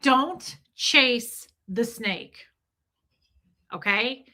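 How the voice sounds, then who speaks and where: A woman with a bright, forceful voice chats live with her viewers, candid and emphatic. She swears freely and speaks to people in the chat by name. Her voice sits a little above the middle in pitch. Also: animated, extremely slow. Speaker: streamer talking to chat. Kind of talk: casual live-stream chat.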